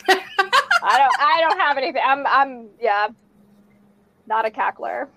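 A woman's voice: high voice, sing-song, takes it slowly, pushed and bright, slight background noise, rough recording. A woman co-hosting a casual group chat, easygoing and agreeable. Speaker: podcast co-host.

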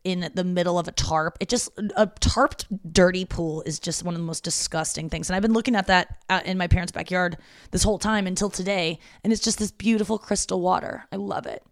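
A young woman records a casual solo podcast at her parents' house, talking in a chatty, confessional style packed with filler words. Her voice is on the low side and steady in tone, and she speaks fairly quickly, with studio-quality sound and no echo.

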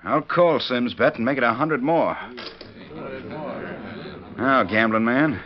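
Hotheaded young cowboy, surly and picking a fight, muffled old radio. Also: male voice, medium pitch, animated, takes it slowly. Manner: surly and quarrelsome. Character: hotheaded young male cowboy card player. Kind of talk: 1940s radio acting. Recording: dull old radio recording.

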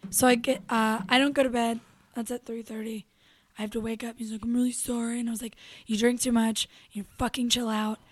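A young adult woman co-hosting a show, telling a story in casual chat, animated and profane, acting out what people said. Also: a little high, a little fast. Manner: animated, profane, acts out quotes. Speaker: radio show co-host.

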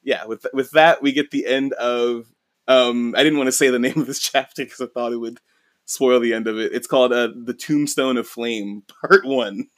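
A young man co-hosting a podcast, chatting about a manga in an excitable, giggly way. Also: medium pitch, moderate pace, no room sound, studio quality. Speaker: podcast co-host. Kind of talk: casual chat.

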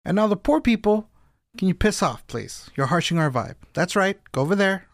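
A man co-hosting a comedy podcast, riffing with sarcastic jokes and animated outbursts. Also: sits high, normal speed, no echo, clean studio sound. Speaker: podcast co-host. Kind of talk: comedic casual banter.

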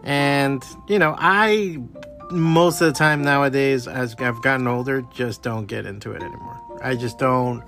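With faint music in the background, this middle-aged man from around Miami hosts his podcast solo, launching into a casual, heated rant full of profanity and animated storytelling. He speaks unhurriedly in a medium-pitched voice.

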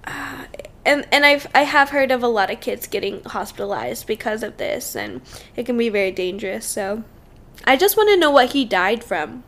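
A young woman guest co-hosting a podcast, a teacher chatting animatedly with quick reactions. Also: fairly high pitch, expressive, a bit bright. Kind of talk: casual chat.

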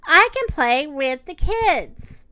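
A woman's voice: high-pitched, slow, full character voice. A woman voicing an eager, playful female puppy who barks and thinks aloud in a storybook. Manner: excited barks and inner thoughts.

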